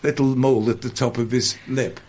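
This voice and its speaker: A man's voice: medium pitch, steady tone, fairly quick, darkish tone. An older man, a guest entertainer and impressionist, reminiscing in a conversational interview with a rambling, anecdotal way of talking. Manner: rambling, anecdotal, with frequent restarts.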